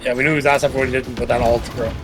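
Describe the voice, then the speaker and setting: A man's voice: mid-range voice, flat delivery, rapid-fire, background noise. A young man in casual gaming chat as a teammate, grumbling and trash-talking about the match. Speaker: teammate in a team shooter.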